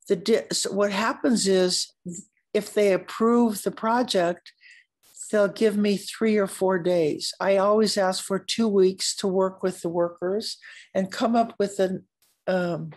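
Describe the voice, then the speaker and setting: An older American woman, an artist telling stories at a symposium, speaking in a halting, searching way with frequent restarts and occasional coughs. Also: medium pitch, a little mellow. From United States. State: coughing at times. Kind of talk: unscripted conversation.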